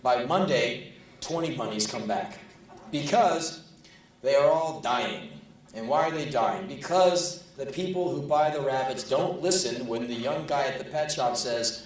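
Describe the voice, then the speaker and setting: A man's voice: mid-range voice, normal speed. A man performing a profane, sardonic spoken word story on stage. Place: large live venue. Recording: echoey live hall, distant, audience laughing.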